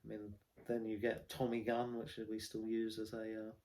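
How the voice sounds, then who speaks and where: A man's voice: fairly low pitch, monotone, moderate pace, warm tone. An English man with a Southern home-counties accent hosting a casual vlog about war poetry, talking in a rambling way with many ums and restarts. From England.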